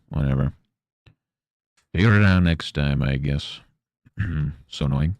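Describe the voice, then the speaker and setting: A man's voice: low-pitched, no room sound, clean studio sound. A man streaming, grumbling, swearing and muttering to himself about his setup. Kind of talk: casual livestream chatter.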